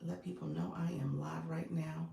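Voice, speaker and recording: A woman with a low, gravelly voice runs a casual live stream, greeting viewers by name and chatting between frequent laughs. Her phone picks her up in a roomy, echoing space with a faint hum behind her. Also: steady tone, moderate pace, warm tone. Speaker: live-stream host and business coach.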